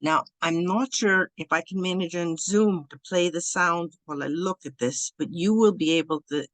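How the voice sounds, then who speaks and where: A woman teaching an online beginners' language lesson over Zoom while sharing her screen, speaking in a loose, halting way with frequent restarts. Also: lowish voice, dry recording. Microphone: computer mic over Zoom.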